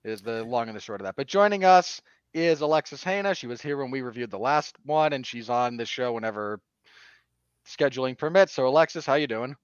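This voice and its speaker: A man's voice: medium pitch, lively intonation, brisk, smooth, dry recording, highs cut off. A man in his thirties co-hosting a movie-review podcast, dry and sardonic, given to teasing. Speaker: podcast co-host. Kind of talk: casual movie-review chat.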